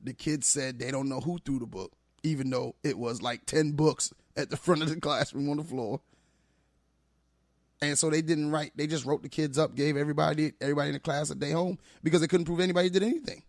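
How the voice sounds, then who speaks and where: A man who works as a teacher, talking as a guest on a podcast, telling animated, emphatic stories. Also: fairly high pitch, fairly quick, dry recording, studio quality. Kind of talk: casual podcast conversation.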